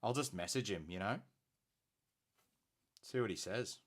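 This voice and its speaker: A man's voice: lowish voice, a little slow. A man hosting a casual painting stream, joking easily with his co-host and chat. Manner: laid-back, jokey banter.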